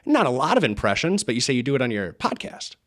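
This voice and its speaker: A man hosting a comedy podcast, with a deadpan, mock-formal game-show delivery. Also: medium pitch, fast talker. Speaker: podcast host.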